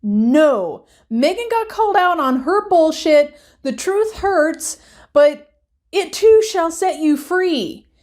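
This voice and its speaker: A woman's voice: extremely high pitch, expressive, slow pace, a little mellow. A woman reviewing a reality TV episode in a casual, chatty way. She grows emphatic and heated as she rants.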